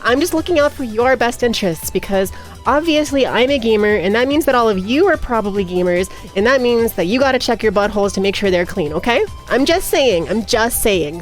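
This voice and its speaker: A woman's voice: medium pitch, animated, a little fast. A young woman streamer in casual live chat, giggly and rambling, slipping into baby talk with her cat. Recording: faint music underneath.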